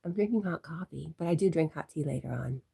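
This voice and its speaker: A congested woman hosting a casual livestream, chatting and reading viewer comments aloud, often dropping to a soft whisper. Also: sits low, quick pace, vocal fry, slightly rough. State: congested from allergies. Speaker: livestream host.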